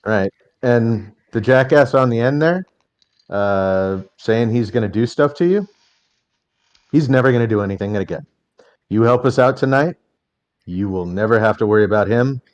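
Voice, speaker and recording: A man talking as a player in a tabletop game, measured and a little hesitant. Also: medium pitch, darkish tone, dull audio. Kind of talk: casual tabletop game talk.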